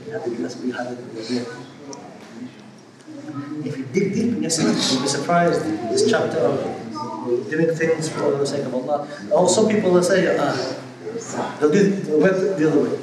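A man's voice: on the high side, normal speed, pauses often. Male sheikh telling stories in an echoey hall. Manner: storytelling, acts out quoted voices, uses Arabic terms. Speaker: sheikh teaching a religious class. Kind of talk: religious lesson with storytelling. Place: Islamic centre hall. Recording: echoey hall, far from mic, crowd audible.

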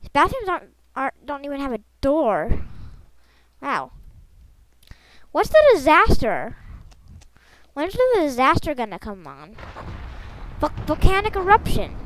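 High, lively playful woman gaming. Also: a little slow, pauses often, a little hiss or hum, low-quality recording. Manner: playful, rambling, silly sound effects. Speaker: gaming channel host. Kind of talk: gameplay commentary.

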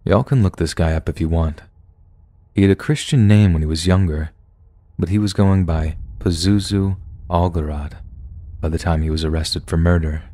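A man with a very low, deep voice tells a true horror story in the first person. His scripted narration stays relaxed and conversational, like someone recounting events to a friend. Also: moderate pace, dry recording.

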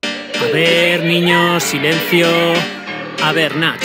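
A performer voicing a strict male schoolteacher who quizzes children and scolds them loudly in a parody song skit. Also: mid-range voice, little pitch movement, takes it slowly, lightly acted. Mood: scolding. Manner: loud, scolding. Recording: played clip with loud music.

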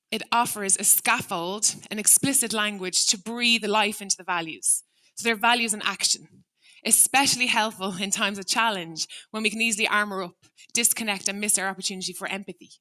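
A woman's voice: mid-range voice, pushed and bright. A middle-aged woman, a former teacher, giving an earnest, reflective prepared talk on stage and acting out the dialogue in her story. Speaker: teacher turned restorative practice trainer.

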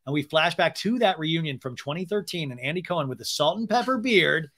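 A man with a slightly high voice and a brisk delivery hosts a podcast recapping reality TV. He's casual and gossipy, animated, swears often, and acts out what people said.

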